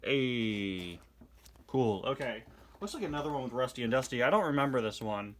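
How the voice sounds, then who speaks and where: Man, comic reviewer, chatty casual vlog, bright voice, playful asides. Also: medium pitch, expressive, quick pace, a little hiss or hum.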